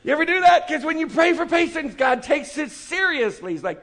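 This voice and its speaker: A man preaching a lively, joking sermon to a student meeting, acting out quick voices as he goes. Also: extremely high pitch, slight background noise. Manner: animated, joking, acts out voices. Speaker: campus ministry speaker. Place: meeting room with an audience.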